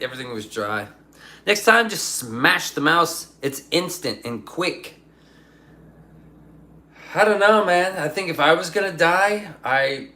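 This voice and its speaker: A man's voice: fairly high pitch, pushed and bright, a little hiss or hum. A young adult man rambling profanely in casual livestream chat, reading his chat aloud. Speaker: streamer.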